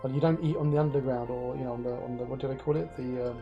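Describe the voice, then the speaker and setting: A man's voice: medium pitch, rapid-fire, creaky, dull audio, over music. Jokey man hosting an interview. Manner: jokey, animated questioner with many restarts. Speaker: interview host. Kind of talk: casual live-stream interview.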